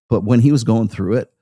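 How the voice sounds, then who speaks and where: Husky-voiced blunt male podcast host. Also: on the low side, warm tone, dry recording. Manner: blunt and profane, tags lines with "right?". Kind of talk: casual podcast talk.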